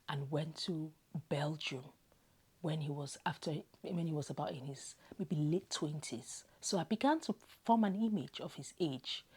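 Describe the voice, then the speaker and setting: A woman from Zimbabwe recounts a personal story, close to tears. Her low, husky voice often sinks into a whisper, heartfelt and raw. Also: a little mellow. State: tearful. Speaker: vlogger. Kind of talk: emotional storytelling to camera.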